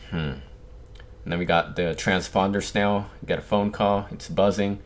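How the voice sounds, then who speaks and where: A man's voice: low-pitched, normal speed. A young man casually reacting to manga chapters and reading them aloud, with frequent fillers and restarts.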